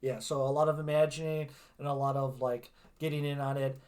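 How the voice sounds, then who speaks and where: Talking a little fast in a mid-range, darkish voice with a level tone, this Wisconsin man is a tarot reader hosting a livestream. His casual chat is reassuring, and he keeps adding "right?" to the end of his points.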